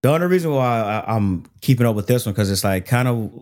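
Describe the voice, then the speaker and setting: A man co-hosting a loose conversation about anime, his pitch rising and falling a lot as he talks. He rambles, stalls on fillers and restarts his sentences. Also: lively intonation, fast, darkish tone. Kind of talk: casual chat about anime.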